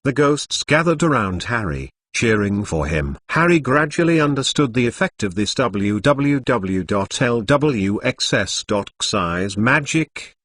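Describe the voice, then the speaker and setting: A man's voice: medium pitch, a bit bright, no room sound, studio quality. A man's synthetic voice narrating a web novel, reading web addresses and symbols aloud. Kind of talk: text-to-speech novel narration.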